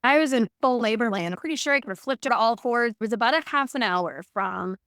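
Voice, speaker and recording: A woman in her thirties telling a personal story in a conversational way, animated and acting out the lines of people in it. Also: on the high side, quick pace, no room sound, clean studio sound. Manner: animated, acts out quoted dialogue. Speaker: guest recounting her birth.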